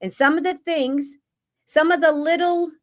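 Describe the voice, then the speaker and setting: A woman's voice: high-pitched, fairly even intonation. A woman hosting a live-stream spiritual talk, earnest, repeating phrases and checking in with "right?" and "okay?". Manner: reads slow guidance lines, then talks freely.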